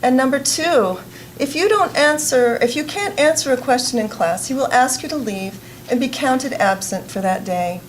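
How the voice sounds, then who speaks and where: A woman's voice: high voice, animated, normal speed, slight background noise, rough recording. Young-sounding woman venting about a class. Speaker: student.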